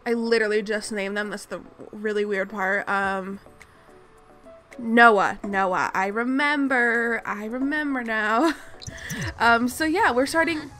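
A woman with a slightly high voice gives casual, chatty commentary while she plays a game. She talks in a mock-exasperated way and scolds the characters on screen. Clear background music runs under her voice. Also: takes it slowly, sharp tone. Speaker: gaming channel host.

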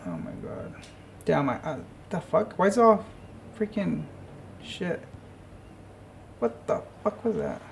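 A man's voice: high-pitched, huge pitch swings, takes it slowly, vocal fry, pauses often, a little hiss or hum. A young man giving casual, profane commentary while playing a football video game, muttering and grumbling to himself about lag. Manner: swearing, frustrated, muttering to himself. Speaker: gaming channel host. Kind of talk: live gameplay commentary.

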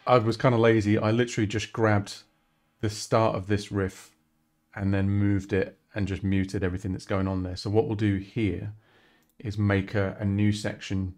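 With a fairly low, level, slightly mellow voice at normal speed, a musician chats on his live stream while producing a song, thinking out loud and teasing himself.

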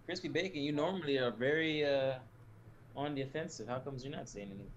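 A man's voice: medium pitch, fast talker, highs cut off, slight background noise. A man playing an online party game, questioning another player. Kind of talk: casual game banter.

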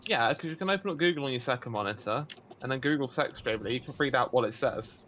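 A man's voice: medium pitch, expressive, fast, a bit bright, slight background noise. A man chatting over a game, teasing and goading his friend into doing things. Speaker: co-player and regular guest. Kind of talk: casual gaming chat.

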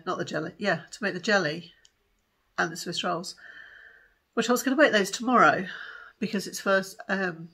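Breathy, chatty woman. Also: on the low side. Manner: chatty, excitable, giggles often. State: tired. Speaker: vlogger. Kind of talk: casual chat to camera.

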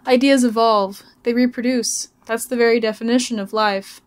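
A woman's voice: a little high, steady tone, moderate pace, natural voice. A woman reading aloud as an old uncle who explains things in a matter-of-fact, lecturing way. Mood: insistent. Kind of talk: read-aloud story.

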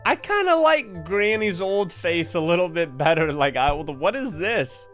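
An excitable young man narrating a scary game as he plays, his voice sitting a little high. He jokes, reacts loudly and keeps the commentary rolling, with soft music underneath. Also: moderate pace. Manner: excitable, jokey, exclaims often. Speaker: gaming video host.

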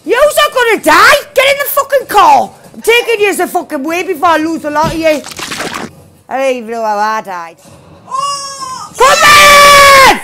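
A woman giving excited gameplay commentary as a streamer, shouting, swearing and cheering at the action. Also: very high-pitched, normal speed, loud music behind the voice, over a noisy crowd. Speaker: gaming streamer.

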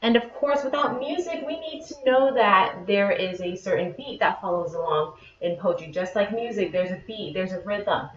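A woman's voice: medium pitch, fairly bright tone. A woman teacher explaining patiently, step by step, in a classroom lesson. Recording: echoey, dull lo-fi room sound.

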